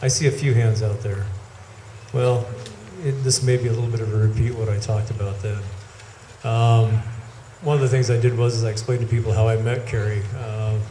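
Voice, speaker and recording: A man's voice: fairly low pitch, steady tone, moderate pace, mellow, a little hiss or hum. A middle-aged man with a head cold, giving a rambling, anecdotal eulogy at an outdoor gathering. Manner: rambling anecdotal storytelling with self-corrections. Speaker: eulogy speaker. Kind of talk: storytelling eulogy. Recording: echoey with faint ambience.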